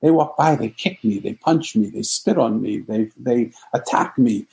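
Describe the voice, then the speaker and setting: A man's voice: mid-range voice, expressive, normal speed, vocal fry, darkish tone. A man voicing a despairing, ashamed homeless man in an emotional retelling.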